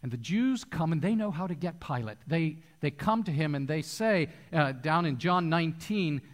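A man with a fairly high voice preaches in an animated storytelling manner. His words ring out with a long hall reverb, as if recorded in a church sanctuary. He is a pastor addressing his congregation. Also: normal speed. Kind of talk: sermon.

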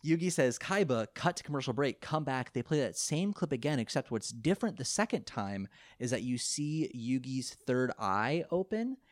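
A man casually recapping an anime episode, rambling and animated, often laughing and quoting the characters. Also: mid-range voice, normal speed, no room sound. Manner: rambling, animated retelling with laughs and quoted lines. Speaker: podcast co-host recapping an anime. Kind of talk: casual chat.

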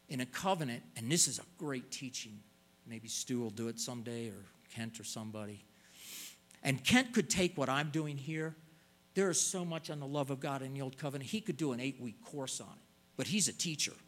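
A man's voice: medium pitch, moderate pace, a bit bright. An older man preaching a sermon in an earnest way, stretching out words and pleading as he stresses points.

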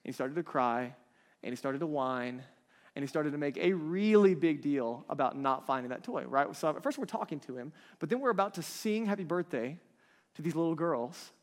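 A man in his thirties preaching a conversational sermon, often checking in with his listeners. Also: a little high. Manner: conversational, keeps checking in with the crowd. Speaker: pastor. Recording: long reverb of a large hall.

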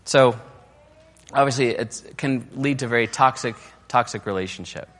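A man's voice: medium pitch, moderate pace, fairly bright tone. A man giving a casual, conversational sermon on marriage, full of fillers and restarts, sometimes mimicking quoted criticism in a raised, mocking voice. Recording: long hall reverb.

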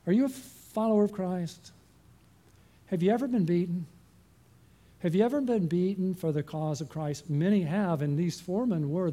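An older male pastor delivers a sermon in a fairly high voice with a mellow, warm tone. He often stops to put questions to the congregation and waits for answers.

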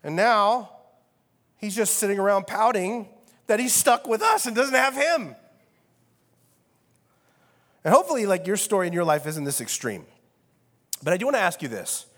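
Brief: male pastor, slightly high voice, wry chatty sermon, long hall echo. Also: very animated, normal speed, long pauses, a bit bright. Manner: casual and wry, with many fillers. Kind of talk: conversational sermon. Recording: long reverb of a large hall.

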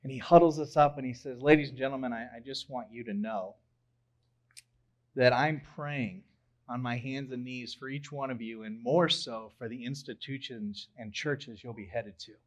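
A young man preaching a sermon, telling a story in an animated way and swelling loud on key phrases. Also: medium pitch, normal speed. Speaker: pastor.

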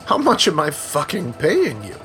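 A man's voice: fairly high pitch, huge pitch swings, moderate pace, bright, forceful tone, faint music behind, voice pushed up, full character voice. A man voicing an eager, curious yard owner who presses with cussing questions. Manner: pushy, swearing questions.

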